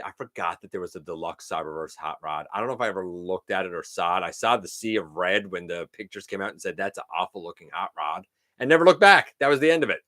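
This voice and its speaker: Middle-aged male live-stream host, casual and chatty, animated intonation, lots of fillers. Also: on the low side. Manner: chatty, greets viewers by name, many fillers. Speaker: host of a live toy-collecting show.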